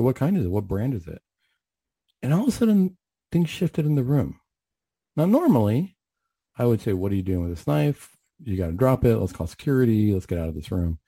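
A middle-aged man tells a story in an earnest voice, very dark and a little husky. He repeats words as he goes. His voice is recorded dry and close. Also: on the low side, dry recording. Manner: earnest, repeats words, quotes himself in dialogue. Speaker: counselor telling a story on a radio show. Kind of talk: storytelling talk.

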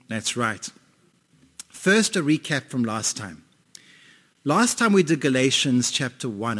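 A man's voice: a little high, a bit bright. A male pastor preaching a sermon, emphatic, often asking the audience questions. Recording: long reverb in a hall.

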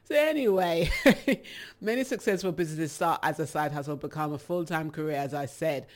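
A woman with a British accent, chatting casually to her viewers as a rambling, animated storyteller. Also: deep voice, normal speed. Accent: British English. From England. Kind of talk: casual chat.

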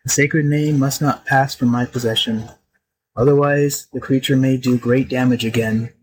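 Solemn, stern old rabbi, measured and grave, as a male narrator reads him. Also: medium pitch, steady tone, close to an everyday voice, rough recording.

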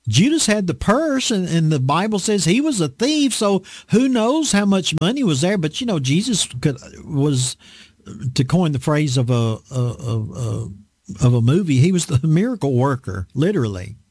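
Folksy preacher guy, lively up-and-down voice, really leans on his points. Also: fairly high pitch, moderate pace, slightly rough, no room sound, clean studio sound. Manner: folksy, emphatic, repeats phrases for effect. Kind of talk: conversational sermon.

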